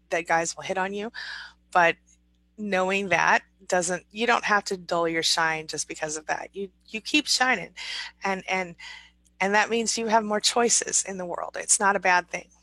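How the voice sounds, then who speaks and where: A woman's voice: medium pitch, creaky, bright, forceful tone, dry recording, poor audio. A woman hosting a casual livestream, reading viewer comments aloud and answering them in a chatty, encouraging way. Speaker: livestream host reading chat.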